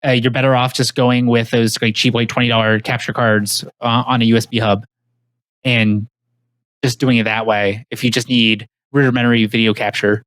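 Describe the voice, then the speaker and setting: A man hosting a casual tech podcast, talking in quick runs with restarts and fillers. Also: medium pitch, little pitch movement, a bit bright, dry recording. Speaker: podcast host.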